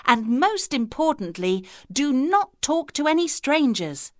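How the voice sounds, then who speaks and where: A woman's voice: high voice, sing-song, measured pace, dry recording, clean studio sound, pitched above the performer's own voice. Woman reading a firm, caring storybook mother. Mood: warning. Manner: gently warning.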